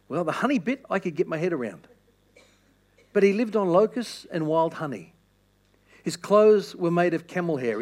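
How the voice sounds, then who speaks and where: A man preaching a sermon with impassioned, repeated appeals that swing from loud to hushed. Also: sits high.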